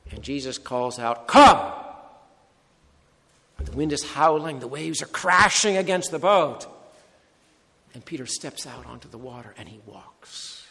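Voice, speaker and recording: A man preaching a sermon, with measured, emphatic phrasing and short repeated phrases. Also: medium pitch, vocal fry, sharp tone. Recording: long hall reverb.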